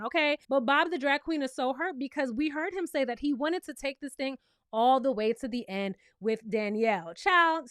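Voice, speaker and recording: High-pitched and fairly bright, this TV recap reviewer comes through clean studio sound with no echo. She talks straight to her viewers, sassy and casual with heavy emphasis, performing quotes from the reality show in exaggerated voices.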